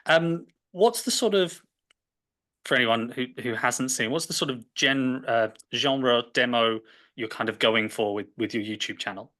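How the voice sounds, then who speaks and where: A man's voice: medium pitch, unhurried, bright, forceful tone. A British man hosting a podcast interview, asking questions with many fillers and restarts. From Britain. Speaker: podcast host. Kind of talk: casual interview chat.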